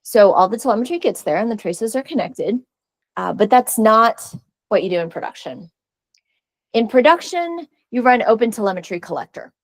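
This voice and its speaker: A woman's voice: on the high side, animated, normal speed, no room sound. A woman giving a casual technical presentation at a user group meeting, chatty with frequent fillers and restarts. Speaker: conference speaker. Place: meeting room.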